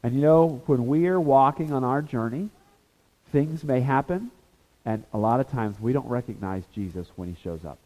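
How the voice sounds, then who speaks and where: A man teaching a Bible lesson as a sermon, animated and acting out the voices of people in the story. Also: medium pitch, moderate pace. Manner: animated, acts out voices of the disciples and Jesus. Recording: reverberant hall.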